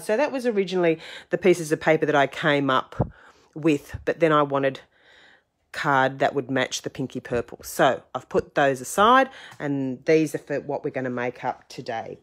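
Croaky woman, low-pitched, rambling and self-deprecating, hosting a home craft lesson. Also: animated, normal speed. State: croaky, getting over a cold. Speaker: craft tutorial host. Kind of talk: casual craft tutorial.

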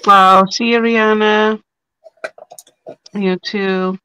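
A woman's voice: medium pitch, little pitch movement, very slow, sharp tone, smooth, no room sound, rough recording. A woman hosting a casual crafting livestream, talking half to herself as she works. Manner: muttering to herself while working. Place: home craft room.

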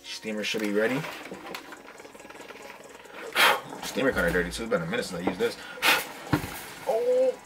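A man talking casually and excitedly as he unboxes fitted hats for his vlog, full of slang. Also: on the low side, rapid-fire, few pauses, over loud music. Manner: excited slangy hype talk. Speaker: hat vlogger.

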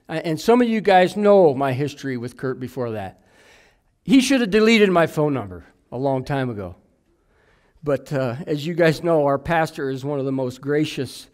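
A man in his thirties preaches from the pulpit and weaves his own story into the sermon. His voice sits a bit higher than most men's, and he tells it candidly, poking fun at himself with the odd joke. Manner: candid, self-deprecating storytelling with jokes. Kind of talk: sermon with personal testimony.

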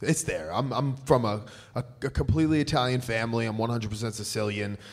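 A man with a New York accent chats loosely on a live podcast. He rambles through stories with lots of "like" and restarts, in a voice of middling pitch. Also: fast talker. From Staten Island, New York. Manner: rambling, filler-heavy storytelling. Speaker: pro wrestler guest. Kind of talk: casual podcast chat. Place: live show venue.

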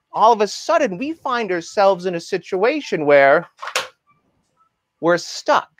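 A man who works as a positivity coach and speaker, giving a measured, earnest motivational message that slows down for emphasis. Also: sits high, a bit bright, dry recording, clean studio sound.

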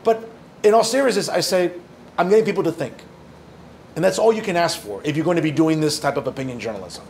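Man from northern New Jersey, journalist taking questions; slightly high, gravelly voice, chatty with jokes, faint hiss behind. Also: quick pace, darkish tone. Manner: conversational, joking asides, earnest. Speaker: opinion journalist and guest speaker. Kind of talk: audience Q&A talk.

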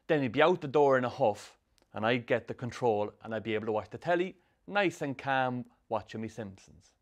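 An actor narrating a film as a troubled young Irish man with a Sligo accent, telling his rough youth in a dry, sardonic way. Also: medium pitch, expressive, fairly quick, close to an everyday voice. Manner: dry, sardonic storytelling with strong swearing. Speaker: narrator, the film's lead. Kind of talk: scripted film voice-over.

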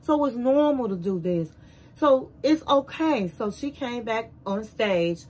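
High-voiced woman retelling a reality show. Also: measured pace, slightly rough, poor audio. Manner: animated retelling, acting out quotes. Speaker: show recap host. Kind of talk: casual recap narration.

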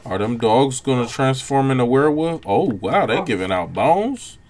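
A young man giving relaxed, reactive commentary over his own gameplay, breaking into quick exclamations. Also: medium pitch. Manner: laid-back, reactive, frequent exclamations. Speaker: gaming channel host. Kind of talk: let's-play gameplay commentary.

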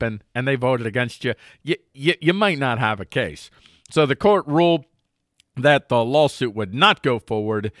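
A man hosting a casual headline commentary show, wry and joking, with pitch jumping up for emphasis. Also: bright, forceful tone, dry recording, studio quality. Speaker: news commentary host.

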